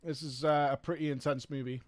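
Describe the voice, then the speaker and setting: Rambling streamer, higher-voiced man. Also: fairly even intonation, fairly quick. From United Kingdom. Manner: rambling, swears freely, trails off searching for words. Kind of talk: casual chat while gaming.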